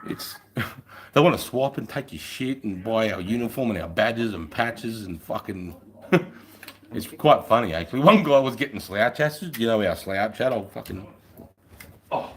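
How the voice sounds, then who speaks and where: A man's voice: on the low side, lively intonation, normal speed, a bit bright. A middle-aged Australian man, a former soldier, telling blunt, profane stories in casual podcast chat. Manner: blunt, heavily profane storytelling.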